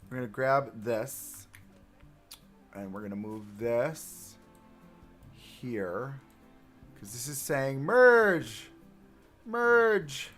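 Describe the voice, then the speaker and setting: Speaking slowly and pausing often, a man with a mid-range voice talks to his stream chat while building in a game. He keeps it chatty and self-mocking, and soft music plays in the background of this casual livestream commentary.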